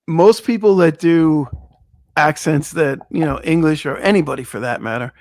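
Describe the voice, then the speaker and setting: A man's voice: on the high side, normal speed, darkish tone, no room sound, studio quality. A man co-hosting a casual livestream chat, teasing his guest and asking questions. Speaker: co-host.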